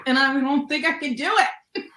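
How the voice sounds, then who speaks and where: A woman's voice: high voice, steady tone, brisk, bright, forceful tone. A woman in casual chat on a book club stream, rambling and laughing, with a lot of "like" in her speech. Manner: chatty, lots of "like" and laughter. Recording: roomy echo.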